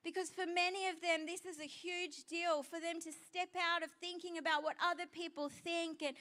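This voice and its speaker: A woman's voice: very high-pitched, fairly even intonation, normal speed, bright, forceful tone. A woman pastor preaching a sermon to a congregation, emphatic and repeating her key phrases. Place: church service with a live congregation.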